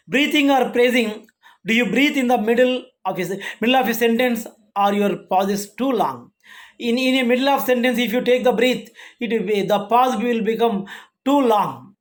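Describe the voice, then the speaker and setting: A college lecturer talks a class through a list of points at a mid-range pitch. Each item is read out, then explained again in plainer words, often stopping to restart a phrase. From India. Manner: reads points aloud then rephrases them, with frequent restarts.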